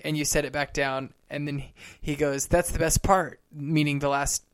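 Podcast cohost guy, kinda higher voice, dry quick comebacks. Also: little pitch movement, clean tone. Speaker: podcast co-host. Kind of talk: casual chat.

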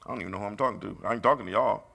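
Gravelly preacher man, bright delivery. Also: lowish voice, rapid-fire. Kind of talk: sermon.

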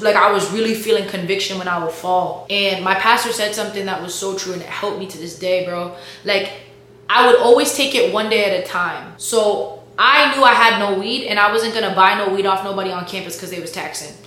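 Young woman, bright voice, slangy chatty testimony, very echoey room, faint hum. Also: mid-range voice, a little fast. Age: young adult. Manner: slangy, chatty, full of "like" and "bro". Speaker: college student sharing a faith testimony. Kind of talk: casual testimony storytelling.

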